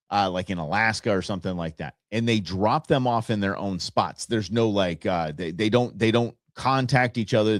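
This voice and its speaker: A man with a fairly low voice hosts his show in a casual, rambling way. He gets excited, circles back, and restarts his sentences often. The sound is dry and close, with no room around it. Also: no echo. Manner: rambling, enthusiastic, self-interrupting. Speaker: show host. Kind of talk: casual solo podcast talk.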